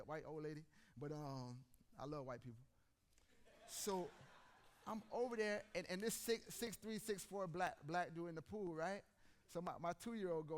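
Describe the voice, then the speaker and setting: A man, telling stories and addressing the congregation directly. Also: on the high side. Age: 40s. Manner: animated storytelling, addresses audience directly. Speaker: preacher. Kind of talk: conversational sermon.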